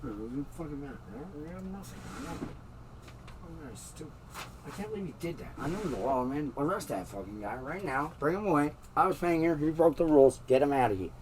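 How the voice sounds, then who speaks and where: A man's voice: a little high, animated, quick pace, few pauses, far from the mic, background noise. A man in a heated, swearing rant about his landlord, recorded in his bedroom. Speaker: tenant in a dispute. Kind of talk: angry rant to camera. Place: bedroom at home.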